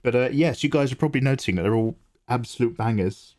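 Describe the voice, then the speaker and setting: A man's voice: mid-range voice, fast, a little mellow. Chatty man hosting a stream. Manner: chatty, self-deprecating, reads chat aloud. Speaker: art livestream host. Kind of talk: casual livestream chat.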